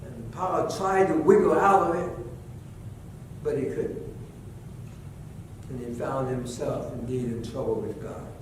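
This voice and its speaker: A man preaching a sermon as pastor in a church, swinging from quiet teaching to impassioned shouting. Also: mid-range voice, a little slow, pauses often, slight background noise. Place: church sanctuary. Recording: echoey church sanctuary from far off.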